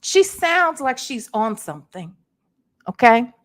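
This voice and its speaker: High, lively woman gossiping to her viewers. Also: takes it slowly. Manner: animated, repeats herself, talks to chat. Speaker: commentary vlogger. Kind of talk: gossip commentary with live chat.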